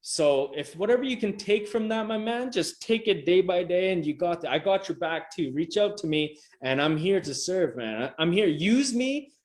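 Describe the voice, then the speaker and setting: Emphatic man coaching over a video call. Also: sits high. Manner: emphatic, repetitive, casual with swearing. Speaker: motivational coach presenting a session. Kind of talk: motivational talk on a video call. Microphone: video call microphone.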